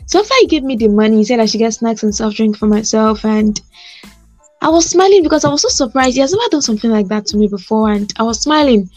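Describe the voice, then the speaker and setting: A woman in casual conversation, telling a story in an animated, insistent way. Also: a little high, fast, no room sound, faint music behind. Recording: muffled lo-fi sound.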